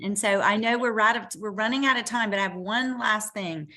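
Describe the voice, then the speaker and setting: A woman's voice: medium pitch, a little fast, pushed and bright. A woman hosting an interview on a video call, gushing with praise and thanks. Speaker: host.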